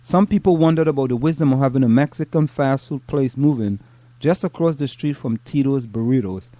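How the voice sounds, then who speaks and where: A man reads local news stories aloud and breaks into teasing banter with his co-host. His voice is dark and mellow, recorded close and dry with no room sound. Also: medium pitch, no room sound. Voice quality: joking, teasing, halting restarts.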